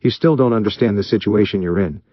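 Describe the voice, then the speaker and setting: A man voicing a cold, menacing young male ninja who talks in a calm, mocking, commanding way. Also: on the low side, fast talker, dry recording, muffled recording, lightly acted.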